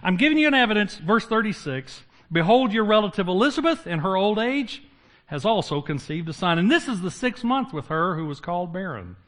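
Animated high-voiced male preacher. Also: a little fast. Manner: lively, acts out biblical characters with humor. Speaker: pastor. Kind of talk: sermon.

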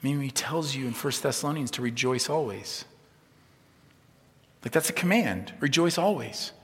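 A man preaching a sermon as a pastor, conversational and humorous, swinging from soft to emphatic. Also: mid-range voice, animated, moderate pace. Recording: long reverb of a large hall.

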